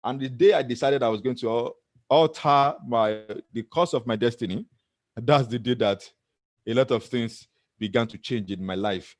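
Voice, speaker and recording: A middle-aged Nigerian-accented man delivering an earnest motivational talk, breaking into self-mocking laughter along the way. His voice sits at an ordinary male pitch and is recorded close and dry. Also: moderate pace, no echo. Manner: earnest, laughs often at himself. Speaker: motivational speaker.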